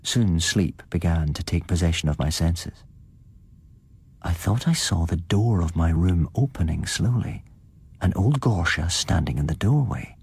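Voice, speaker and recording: A man giving a scripted, measured narration of a gothic tale. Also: sits low, a little mellow, breathy edge, no echo.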